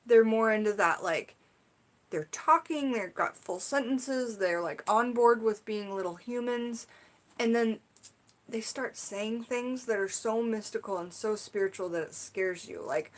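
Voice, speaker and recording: A woman's voice: on the high side, a little slow. Chatty woman teaching on a live stream. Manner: chatty, rambling, frequent "like" and "you know". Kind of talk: casual livestream teaching and storytelling.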